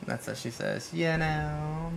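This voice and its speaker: A man's voice: a little high, slow pace, vocal fry, slight background noise. A man streaming a video game, chatting casually and laughing often. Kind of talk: casual gameplay chat.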